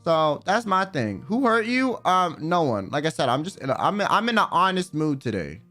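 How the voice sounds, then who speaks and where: A man's voice: a little high, very animated, normal speed, pushed and bright, soft background music. A man streaming live, ranting bluntly and with plenty of profanity while he reads out viewer messages. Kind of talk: casual livestream rant.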